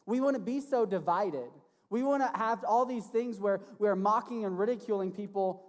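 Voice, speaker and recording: Male youth pastor, casual sermon, animated, long hall reverb. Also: high-pitched. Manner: casual and animated, often asks "right?". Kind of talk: sermon to teenagers. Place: church hall.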